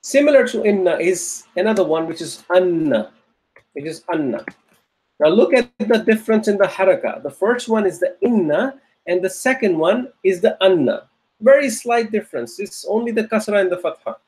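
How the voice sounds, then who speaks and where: A man lecturing online on Arabic grammar speaks in a high, slightly mellow voice, animated and brisk. He repeats things patiently and often pauses to ask the class "okay?"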